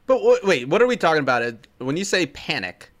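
A man co-hosting a casual sports podcast, teasing the others and tossing in quick interjections. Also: a little high, big pitch swings, a bit bright. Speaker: podcast co-host.

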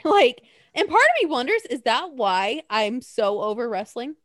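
A young woman co-hosting a casual podcast, animated and laughing often, swearing freely. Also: a little high, normal speed, no echo, clean studio sound. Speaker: podcast co-host. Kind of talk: casual chat.

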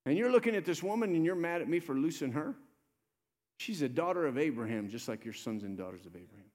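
Animated pastor preaching in a reverberant sanctuary. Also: male voice, fast talker. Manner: animated preaching that swings from loud urgent appeals to low soft tones. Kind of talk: sermon. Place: church sanctuary. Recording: live church sermon with long reverb.

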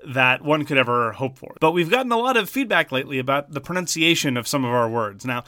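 A man's voice: mid-range voice, expressive, quick pace, bright, forceful tone, no room sound, studio quality. A man with a Montreal Irish Anglo accent, co-hosting a podcast in a wry, wordy, pedantic chat. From French Canada. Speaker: podcast co-host.

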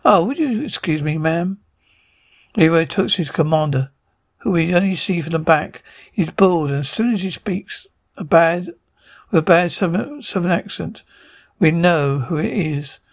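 A man reading a TV episode script aloud, with a plain, unhurried delivery. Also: a little high, gravelly, no room sound. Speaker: reader of a lost TV episode.

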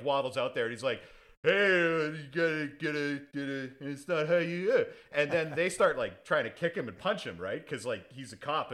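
Animated, rambling, sarcastic man. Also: mid-range voice. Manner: rambling, sarcastic, swears freely. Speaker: podcast co-host playing defense lawyer. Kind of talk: comedic movie recap.

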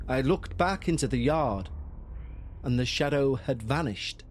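A man narrating a listener's first-person horror story in a slow, measured storytelling manner. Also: mid-range voice, lively intonation, a little mellow, soft background music.

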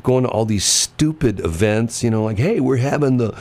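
A man's voice: mid-range voice, moderate pace. A man hosting a radio show, chatting casually and telling stories, acting out the voices of people in them. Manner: animated storyteller, mimics voices. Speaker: radio host.

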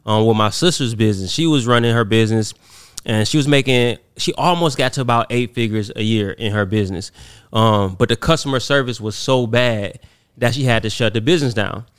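A man co-hosting a podcast, talking in a measured, agreeable way during casual chat. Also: medium pitch, clean tone. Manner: measured, agreeable, telling a family story. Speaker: podcast co-host.

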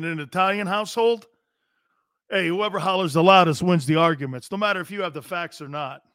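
On a live sports talk show, a brash male host jokes loudly and hollers his points. His high voice stretches the words out slowly, and the recording sounds close and dry.

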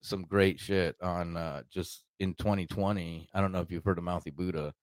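Low-voiced profane man rambling. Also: moderate pace, no room sound. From Arkansas, United States. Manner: rambling, profane, animated retelling with quoted voices. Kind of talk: casual storytelling chat.

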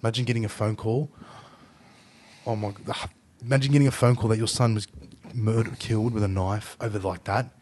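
Sweary, animated Australian man host. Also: lowish voice, brisk, long pauses. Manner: sweary, animated storyteller acting out quoted voices. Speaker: podcast host. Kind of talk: casual podcast chat.

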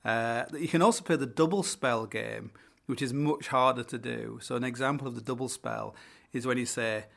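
Northern English bloke, gravelly, rambling host full of ums and swearing. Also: male voice, mid-range voice, normal speed, a bit bright. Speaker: podcast host. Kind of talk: casual storytelling.

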